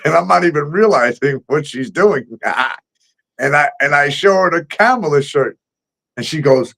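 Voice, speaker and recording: A man's voice: fairly high pitch, moderate pace, gravelly, a bit bright. Laughing, profane storytelling man. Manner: storytelling, laughs often, swears freely. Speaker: host. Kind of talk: casual chat. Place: home.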